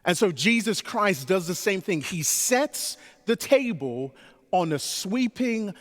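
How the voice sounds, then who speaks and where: A man preaching a sermon as pastor, animated, with his voice rising to a pleading pitch as he voices the disciples. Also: slow. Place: church sanctuary. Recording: long reverb of a large church sanctuary.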